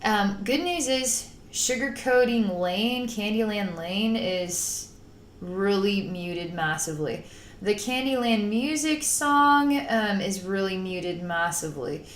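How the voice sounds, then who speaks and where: Woman, psychic healer, rambling and emotive, mid pitch, echoey room, faint hiss. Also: expressive, slow pace. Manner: rambling, emotive, acts out panicked voices. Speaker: psychic channeler. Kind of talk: guided spiritual healing session.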